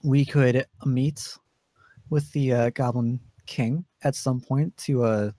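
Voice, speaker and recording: Man, tabletop player, slow pace, halting, many fillers, dry close sound. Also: mid-range voice, fairly even intonation, warm tone, no echo. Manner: hesitant, halting, many uhs. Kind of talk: tabletop role-play in character.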